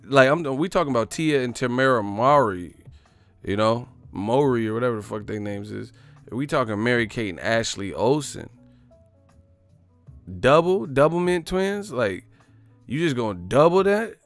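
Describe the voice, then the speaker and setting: A man's voice: mid-range voice, expressive, normal speed, creaky, faint music behind. Profane, slangy man ranting casually. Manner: profane, joking, slangy, laughs often. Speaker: boxing vlogger. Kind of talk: casual commentary rant.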